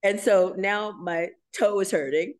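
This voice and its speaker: A middle-aged woman in a podcast interview, telling stories with animated emotion and frequent laughter. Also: mid-range voice, a little slow. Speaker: guest choreographer and dancer.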